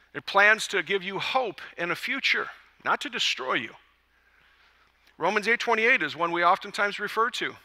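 A man preaching to his church congregation, his voice very bright and ringing. He pitches a little higher than most men and keeps the message lively with jokes and acted-out lines. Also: big-room sound. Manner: lively, joking storyteller who acts out quotes. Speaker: pastor. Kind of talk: sermon. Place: church service.

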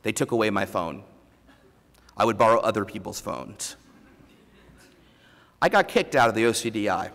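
A man giving a keynote speech, telling a candid personal story with self-deprecating humor and halting restarts, on a lavalier mic. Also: lowish voice, animated, gravelly, fairly bright tone. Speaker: keynote speaker. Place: large conference hall before an audience. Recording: long hall reverb.

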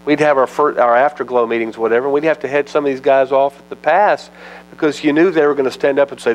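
A male pastor gives a verse-by-verse Bible teaching in a relaxed, folksy way. His voice sits at a middle pitch, and he moves between reading scripture aloud and chatting plainly with his listeners. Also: fast, poor audio. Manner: conversational and folksy, acts out scripture dialogue. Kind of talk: expository sermon, Bible teaching.

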